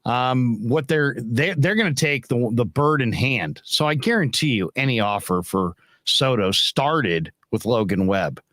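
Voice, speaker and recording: Guy on a sports talk show, lively up-and-down voice, dry close sound, riffing opinions. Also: mid-range voice, a little slow, few pauses, dry recording. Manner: opinionated, animated analysis.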